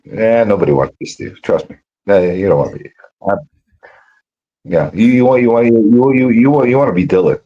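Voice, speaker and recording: A tired man rambling in a casual, profane livestream chat, sounding rough from no sleep and cigarettes. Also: lowish voice, a little fast. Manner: rambling, profane, full of restarts and fillers. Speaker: guest on a livestream. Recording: dull lo-fi stream audio.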